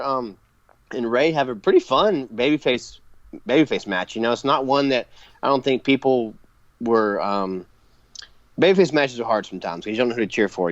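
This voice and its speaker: A man's voice: medium pitch, dry recording. Sex: man. Role: podcast co-host. Style: casual, filler-heavy wrestling recap. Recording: dry, slightly dull. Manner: enthusiastic recapping with frequent fillers and laughs.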